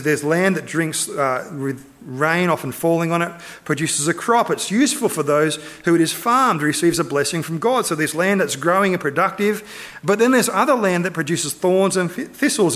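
A pastor preaching a sermon with earnest, emphatic delivery, driving points home with short repeated urgings. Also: male voice, fairly high pitch, a bit bright.

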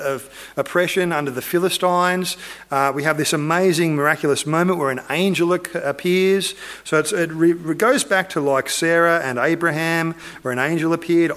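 A man's voice: a little high, fairly bright tone. A man preaching, retelling a Bible story in a loose, conversational way with asides to his listeners.

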